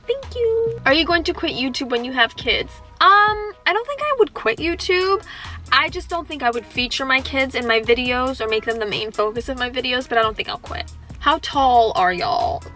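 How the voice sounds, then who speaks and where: Bright, high-voiced young woman vlogging. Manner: playful, joking, chatty. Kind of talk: casual Q&A vlog.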